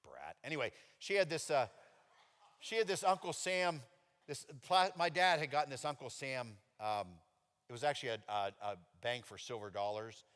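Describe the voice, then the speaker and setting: A man giving a testimony sermon, telling his story with lively acted-out quotes. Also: moderate pace, smooth. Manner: animated storytelling with high-pitched acted-out quotes. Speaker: preacher. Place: church hall. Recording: long reverb of a church hall.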